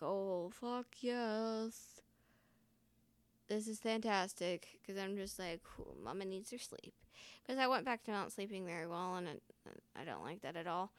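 A woman's voice: lowish voice, fairly bright tone, clear, resonant tone, no room sound. A woman vlogger who chats casually and swears freely, then reads her own story aloud.

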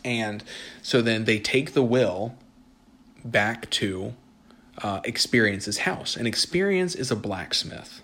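A man's voice: fairly low pitch, slow pace, fairly bright tone. An earnest man preaches in a plain, conversational way. He reads a passage aloud, then speaks directly and sincerely to his listeners. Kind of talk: sermon with read-aloud story.

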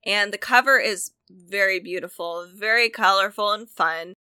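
Speaking at a moderate pace, the co-host discusses cookbooks eagerly in a casual chat, often restarting and self-correcting. Her medium-pitched voice is pushed and bright yet clear and resonant, with no room sound.

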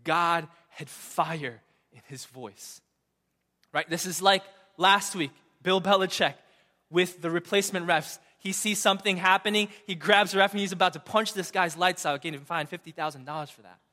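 A young male pastor preaches in a bright, slightly high voice. He is emphatic and keeps checking in with "right?", swinging from loud to hushed. His words ring out with a long hall reverb. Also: normal speed. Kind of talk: sermon.

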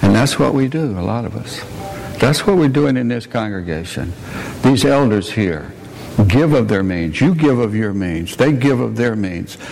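A gravelly, mid-range male voice, animated and moderately paced, belongs to a preacher and missionary. He tells folksy stories in a plainspoken sermon to his congregation in a church sanctuary, with warm asides along the way. The recording has long church reverb and a little noise.

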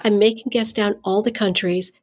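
A woman's voice: medium pitch, fairly even intonation, moderate pace, husky. A middle-aged woman, a nonprofit founder, telling stories in an interview and animatedly acting out the dialogue in her anecdotes. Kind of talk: conversational storytelling.

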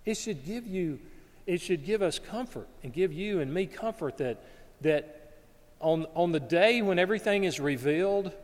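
A man's voice: high-pitched, expressive, moderate pace, in a large hall. A man from North Alabama, preaching a sermon in an earnest manner and often repeating words as he searches for them.

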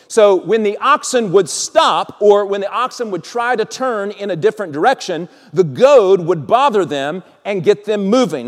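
A male pastor preaches in a lively, animated way. He calls out some lines loudly and drops others to a hush. His voice sits high, and the long reverb of a large hall hangs after each phrase. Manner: animated, acts out quotes with sudden loud and soft swings. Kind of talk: sermon.

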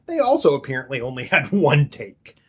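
A man's voice: medium pitch, huge pitch swings, brisk, fairly bright tone, husky. A man co-hosting a podcast in casual chat, jokey and sarcastic. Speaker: podcast co-host.

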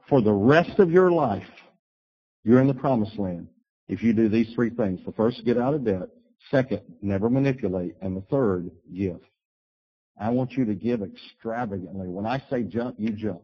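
A man preaching a sermon, telling a personal story and acting out his own words with animated bursts. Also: lowish voice, normal speed, husky. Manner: storytelling, animated bursts when quoting himself. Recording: dull lo-fi recording.

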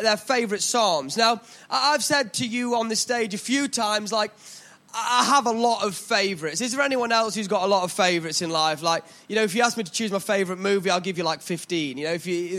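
A man's voice: sits high, sharp tone. A young man with a British English accent preaching a sermon from a church stage in a chatty, joking, self-deprecating way.

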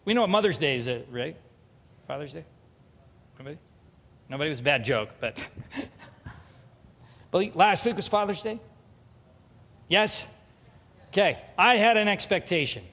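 A man's voice: a little high, expressive, a little slow, pauses often, a bit bright. A pastor giving a humorous, confessional sermon, acting out bits of dialogue as he tells a personal story. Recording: long hall reverb.

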